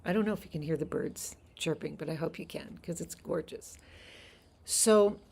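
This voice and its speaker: A woman's voice: sits low, normal speed, vocal fry, darkish tone, breathy edge. A woman teaching a Greek lesson on a live stream from a house deck outdoors. She explains things patiently and laughs easily.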